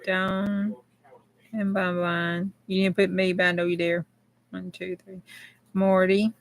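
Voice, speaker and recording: Slow-talking woman streamer. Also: on the low side. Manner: excited, laughing, chatty with viewers. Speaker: craft livestream host. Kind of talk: casual livestream chat.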